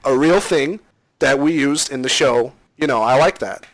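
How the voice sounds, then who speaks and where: A man hosting a casual podcast, rambling with many fillers and getting animated when he tells a story. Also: mid-range voice, moderate pace, rough recording. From Florida. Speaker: podcast host, machinima creator. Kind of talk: casual chat.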